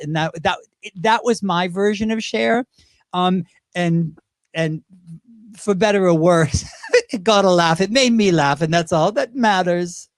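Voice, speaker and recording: High-voiced British drag performer telling stories. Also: male voice, no room sound. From Great Britain. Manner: animated, quick impressions, laughs while talking. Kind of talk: casual interview storytelling.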